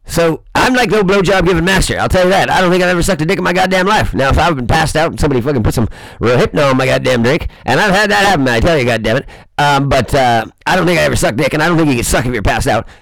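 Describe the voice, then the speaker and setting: Male host, raspy, talks fast and rambles through a profane comic rant. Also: a little high, expressive, a bit bright, no echo, rough recording. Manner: rambling, swearing constantly, boisterous. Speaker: host of a crude comedy show. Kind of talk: profane comedic monologue.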